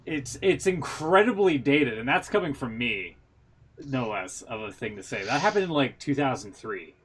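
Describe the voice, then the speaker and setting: A man's voice: mid-range voice, animated, normal speed, fairly bright tone, husky. Rambling, jokey male podcast co-host. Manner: rambling, jokey, laughs at his own impressions. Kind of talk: casual wrestling chat.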